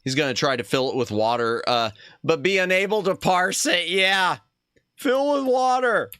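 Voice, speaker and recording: A man's voice: sits high, animated, moderate pace, pushed and bright, clean tone, dry recording, studio quality. A man streaming a retro adventure game, thinking aloud in casual commentary and reading the game text aloud.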